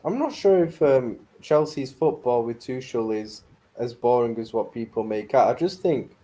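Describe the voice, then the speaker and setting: Brief: calm man, mellow voice, measured football pundit. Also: mid-range voice. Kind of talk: casual football chat.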